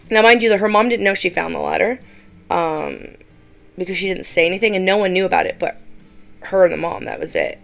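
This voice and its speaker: Blunt, gravelly woman doing reaction commentary. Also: on the low side, quick pace. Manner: blunt and exasperated, mimicking others. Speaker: commentary YouTuber.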